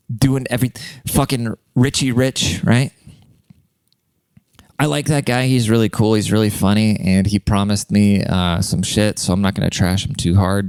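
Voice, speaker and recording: A man's voice: lowish voice, a little mellow, clean tone, no echo. A man hosting a podcast, telling stories in a casual comedic monologue. He rambles, swears a lot, and laughs at his own jokes. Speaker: podcast host.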